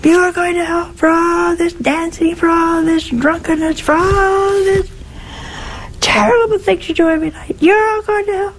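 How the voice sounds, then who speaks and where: A woman voicing an old male village priest who preaches hellfire in a high-pitched, wailing, scolding voice. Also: fairly even intonation, moderate pace, a little hiss or hum, low-quality recording.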